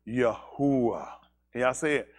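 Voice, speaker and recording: A man's voice: medium pitch, lively intonation, moderate pace. A man leading a congregation in an emphatic teaching sermon, firing rhetorical questions at the room. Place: synagogue service.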